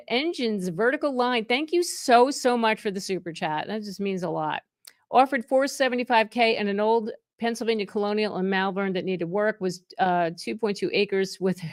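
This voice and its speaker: A middle-aged woman hosts a casual live stream as a real estate agent, upbeat and chatty, greeting viewers by name. Her voice sits at an ordinary pitch for a woman. The sound is dry and close, with no room echo. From New Jersey.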